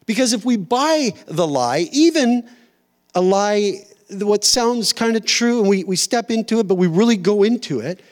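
High-voiced man preaching a sermon. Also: lively intonation, normal speed. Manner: conversational, storytelling, self-deprecating humor. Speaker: pastor. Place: church auditorium.

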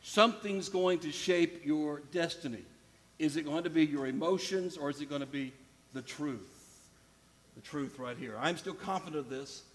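A male pastor delivers a sermon with emphatic repetition and direct appeals to his listeners. His voice sits a little high for a man. The sound carries a long reverb from a large church hall. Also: moderate pace. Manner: emphatic, repeats phrases, addresses congregation directly.

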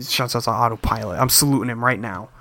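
A man co-hosting a casual podcast chat, recapping a cartoon and acting out the characters' lines in quick put-on voices, swearing freely. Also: medium pitch, gravelly, sharp tone. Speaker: podcast co-host.

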